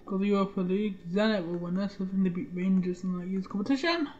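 A woman's voice: medium pitch, fast talker, a little mellow, dull audio, a little hiss or hum. A woman giving casual let's-play commentary, rambling and muttering to herself and swearing now and then. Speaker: gaming channel host.

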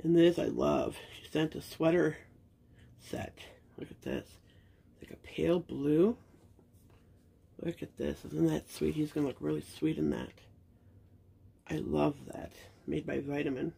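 A woman's voice: low-pitched, fairly even intonation, measured pace, gravelly, pauses often, mellow, husky. A middle-aged woman chatting casually to viewers as she shows off baby clothes, gushing and sentimental, with frequent fillers. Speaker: reborn doll collector and channel host. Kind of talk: casual unboxing chat to viewers.

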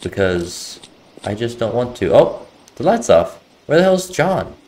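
A man's voice: medium pitch, big pitch swings, measured pace, darkish tone. A man casually commenting while playing a horror game, muttering jokey reactions as he explores. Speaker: gaming video host. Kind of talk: casual let's-play commentary.

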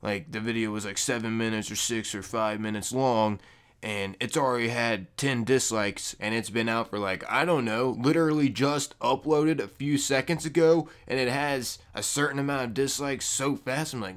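A young man making a casual gaming vlog into a microphone, loose and jokey, with loud high-pitched bursts when he mocks people. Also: fairly even intonation, normal speed, smooth. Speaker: gaming YouTuber. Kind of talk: casual talking-to-camera vlog. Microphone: desk microphone.

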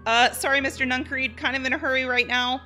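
A woman's voice: high voice, little pitch movement, fast, sharp tone, soft background music. A woman voicing an earnest, curious boy hero in a story game.

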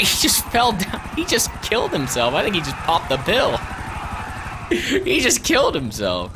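A man's voice: mid-range voice, huge pitch swings, normal speed. A young man streaming a video game, swearing, laughing and chatting with a friend. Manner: profane, laughing, exclaiming at the game. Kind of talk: casual gaming chat with a friend. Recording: noisy stream audio.

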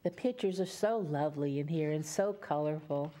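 A woman's voice: sits low, moderate pace, dark tone. A woman from Louisiana with a Louisiana accent, reading a story aloud to young children in a sing-song, coaxing way.

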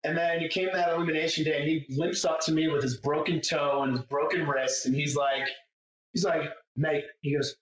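Brash guy chatting on a podcast, cusses a lot, kinda high voice, echoey room, sounds far off the mic. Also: fairly even intonation, brisk, fairly bright tone, lo-fi sound. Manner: brash, swears freely, mimics people. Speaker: guest. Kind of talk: casual podcast chat, doing impressions.

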